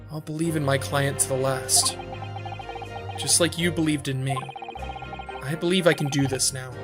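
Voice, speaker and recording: A man's voice: mid-range voice, lightly acted. A man voicing an earnest young male student lawyer with a resolute, determined delivery, over game music.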